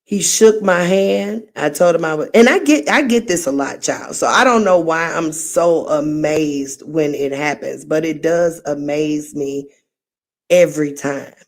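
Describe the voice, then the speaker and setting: A middle-aged livestream host with a deep voice talks unhurriedly, chatting casually and spinning meandering stories with a warm, friendly, chatty manner.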